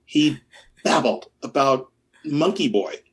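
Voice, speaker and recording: A man, a musician guest, telling recording stories in a casual interview, animated, laughing often and humming rhythms. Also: mid-range voice, slow. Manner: animated, laughing, hums rhythms, many restarts.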